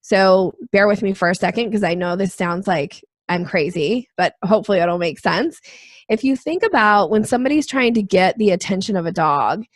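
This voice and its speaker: A woman sales trainer answering interview questions, explaining with lively acted-out examples. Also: mid-range voice, moderate pace, no room sound, clean studio sound. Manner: animated, acts out quoted voices.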